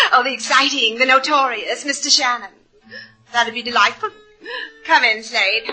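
An actress playing a flirtatious, theatrical rich woman who teases in a breathy, drawn-out way, in 1940s radio acting. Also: fairly high pitch, sharp tone, faint music behind, heavily acted, rough recording. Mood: teasing. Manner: breathy, teasing, drawn-out purring.

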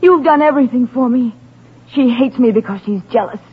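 A woman's voice: high voice, fairly quick, breathy edge. A woman playing a neurotic, possessive young woman in a radio drama, pleading and intense. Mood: accusing, hysterical. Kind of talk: 1940s radio acting. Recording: tinny old radio broadcast with faint hiss.

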